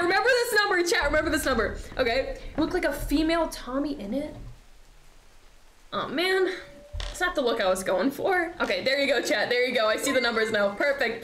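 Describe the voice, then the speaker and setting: A woman's voice: high-pitched, fairly bright tone. A young woman streaming a horror game, chatting and swearing as she plays, with nervous laughs. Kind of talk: live game commentary. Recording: echoey room, faint noise.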